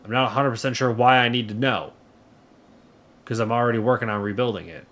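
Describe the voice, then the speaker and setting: A man's voice: medium pitch, steady tone, a little fast, a bit bright. Sarcastic male game streamer. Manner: sarcastic, talkative, reads chat aloud. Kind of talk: casual live gameplay commentary.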